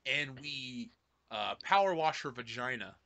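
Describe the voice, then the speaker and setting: A young man co-hosting a podcast, telling crude jokes in animated banter and laughing often. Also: medium pitch, unhurried. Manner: animated, laughing, jumps into put-on voices. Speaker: podcast co-host.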